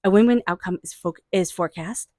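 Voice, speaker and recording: A woman giving a tarot reading, murmuring invocations to angels and spirit guides and offering warm, excited encouragement. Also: lowish voice, fairly quick, no echo. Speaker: tarot reader. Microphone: own microphone.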